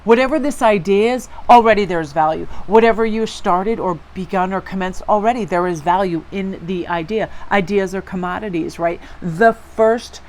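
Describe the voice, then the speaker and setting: A woman's voice: medium pitch, moderate pace, hardly any pauses, darkish tone, a little hiss or hum. A woman from Connecticut with a Northeastern American accent, giving a chatty, encouraging tarot reading to her viewers. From Connecticut, USA. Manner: chatty and encouraging, with rambling asides. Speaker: tarot reader.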